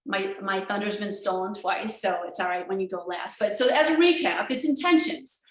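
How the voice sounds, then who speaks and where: A woman giving a conference keynote over a video call, talking in an energetic, emphatic way with many fillers and restarts. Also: mid-range voice, normal speed, reverberant, poor audio. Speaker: keynote speaker.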